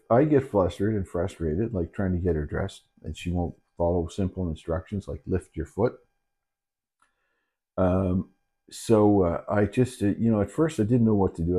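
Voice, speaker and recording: Middle-aged man, reflective personal talk, halting with restarts, candid, mellow low voice. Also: breathy edge. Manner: halting, with many restarts and fillers; earnest and candid. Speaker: dementia caregiver and channel host.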